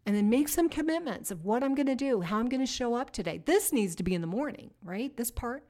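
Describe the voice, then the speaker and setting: A woman giving a conversational Christian teaching to women, energetic and emphatic, stacking repeated phrases and asking her listeners direct questions. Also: a little high, a little fast, hardly any pauses. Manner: energetic, repetitive, emphatic lists.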